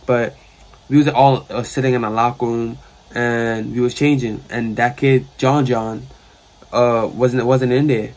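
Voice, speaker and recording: A man's voice: medium pitch, a little slow. A young man with a New York accent, telling a rambling, slangy storytime in a bedroom. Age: young adult. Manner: rambling, slangy, animated retelling. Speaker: storyteller vlogger. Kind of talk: casual storytime. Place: sister's room.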